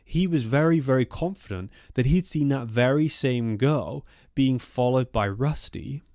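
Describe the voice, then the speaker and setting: A man's voice: medium pitch, unhurried, dark tone, dry recording, studio quality. A man narrating an eerie true-life story in a loose, conversational way, with asides and fillers.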